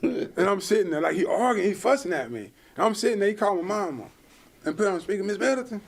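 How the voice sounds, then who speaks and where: Animated man spinning a story, fairly high voice. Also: fast talker, vocal fry. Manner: animated storyteller, acts out quotes, laughs often. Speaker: podcast guest, former football player. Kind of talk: casual storytelling chat.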